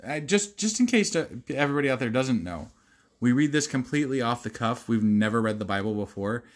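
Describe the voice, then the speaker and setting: A man co-hosting a podcast in a loose, casual chat. He sounds laid-back and dry, swears freely and makes sarcastic jokes in a voice of ordinary middle pitch. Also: lively intonation, brisk. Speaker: podcast co-host.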